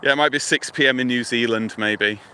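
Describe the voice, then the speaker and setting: A British man livestreams from his phone as he walks past a lake and river near a motorway, casually narrating what he sees and thinking aloud to viewers in a relaxed, rambling way. His bright, forward voice sits at medium pitch and moves a little fast. A faint traffic hum carries in the background.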